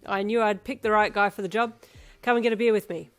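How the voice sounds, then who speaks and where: A woman voicing a jovial male coach who talks loudly and heartily. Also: mid-range voice, fairly even intonation, a little slow, soft background music, lightly acted.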